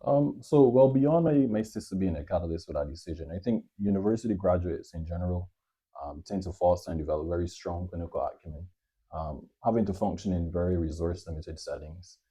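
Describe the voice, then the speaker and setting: A man from Barbados speaks in a very deep, husky voice with a dark, mellow tone. He talks quickly yet thoughtfully, pausing often to find his words as he answers interview questions. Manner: measured, thoughtful with frequent um fillers. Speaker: surgeon, guest. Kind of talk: conversational interview.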